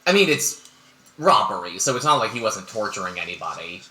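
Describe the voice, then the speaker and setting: A man hosting and narrating a tabletop game as game master, energetic and profane, teasing his players. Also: fairly low pitch, brisk, roomy sound, low-quality recording.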